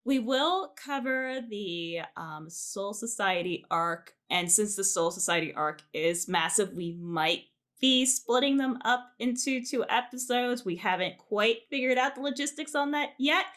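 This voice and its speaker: A young woman hosts a fan podcast in a relaxed, chatty way. Her voice sits a little high, with easy fillers and soft laughs as she wraps up the talk. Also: unhurried. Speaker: podcast host. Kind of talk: casual podcast chat.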